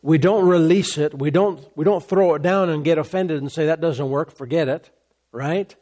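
Emphatic preaching man, slightly high voice. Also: moderate pace, dark tone. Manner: repetitive, emphatic preaching with rhetorical questions. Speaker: pastor. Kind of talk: sermon.

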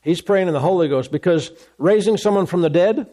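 Emphatic higher-voiced male preacher. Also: brisk, dark tone. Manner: emphatic, repeats phrases, frequent restarts. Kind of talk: sermon.

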